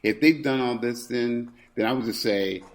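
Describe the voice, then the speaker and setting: A man guest-hosting a podcast in relaxed, casual chat. He talks in an animated way, stammering and repeating himself as he argues his point. He keeps it playful and teasing. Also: mid-range voice, normal speed. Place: indoors, recording in person with co-host.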